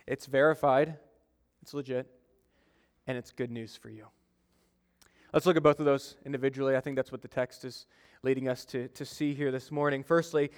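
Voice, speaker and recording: In a church sanctuary, a young adult male pastor delivers a conversational sermon, telling stories and acting out quotes. His mid-range voice has a clean tone, carried by the long reverb of the hall.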